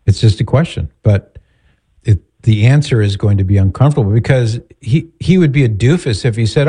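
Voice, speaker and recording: A man hosting an advice talk, answering a caller calmly and directly. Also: on the low side, normal speed, breathy edge. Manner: calm, direct, advising. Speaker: host giving advice.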